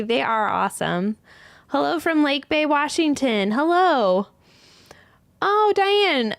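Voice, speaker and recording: Recorded dry, a woman with a high voice runs a laid-back livestream as the owner of a yarn studio. She welcomes viewers one at a time by name and drifts a little while working through their comments.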